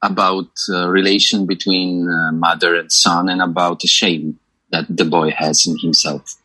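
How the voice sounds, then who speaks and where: A man's voice: sits low, flat delivery, moderate pace, pushed and bright, low-quality recording. A young Polish man, a film director, answering in English with a Polish accent, hesitant and full of uhs and repeated words.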